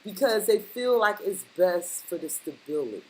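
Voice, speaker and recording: A woman's voice: lowish voice, expressive, normal speed, darkish tone, low-quality recording. A woman reading tarot cards straight to the viewer in a casual, blunt way, repeating her points for emphasis. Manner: emphatic, repeats lines for stress, blunt slang. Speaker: tarot reader.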